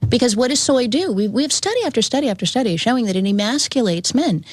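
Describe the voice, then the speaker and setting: A woman's voice: fairly high pitch, animated, quick pace, a little mellow, no echo, studio quality. A woman guest on a talk show, speaking earnestly and firmly, with admiring praise for the host.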